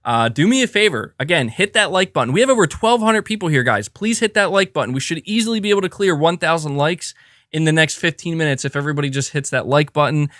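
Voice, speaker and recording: A man hosting a live reaction stream. He reads out viewer messages and talks in quick restarts. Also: a little high, animated, a bit bright, no echo, studio quality. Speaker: livestream host.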